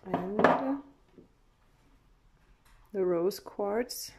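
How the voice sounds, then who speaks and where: A woman's voice: medium pitch, extremely slow, a little mellow, breathy edge. A woman talks through a tarot reading in an easy, chatty way, laughing often and stopping to restart her sentences. She speaks unhurriedly, letting words stretch out, and sounds close to a camera mic. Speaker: tarot card reader.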